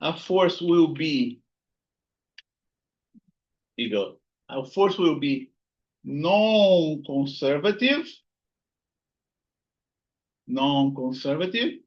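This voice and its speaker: Male lecturer, slightly high voice, slow and deliberate, repeats terms, dull lo-fi recording. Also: lively intonation. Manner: repeats key words, frequent "right?" and "here you go". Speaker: physics instructor. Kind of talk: recorded lecture while writing notes.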